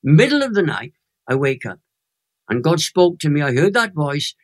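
An older man in his eighties with a Welsh accent and a fairly high voice tells his story with lively emphasis. He leans hard into the emotional peaks as a guest in an interview. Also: moderate pace. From Wales. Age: 80s. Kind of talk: animated storytelling testimony.

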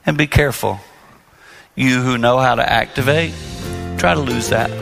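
A middle-aged man giving a sermon-style talk on marriage to an audience, dropping to soft half-voice asides. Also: mid-range voice, moderate pace, vocal fry, faint music behind. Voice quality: bright, lively delivery with soft half-voice asides. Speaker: marriage speaker.

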